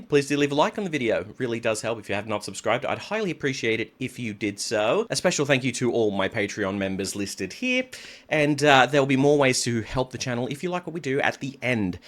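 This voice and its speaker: A man hosting his own channel as a vocal coach, chatting casually and upbeat as he speaks straight to his viewers. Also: medium pitch. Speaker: vocal coach reacting to music videos. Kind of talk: casual reaction commentary.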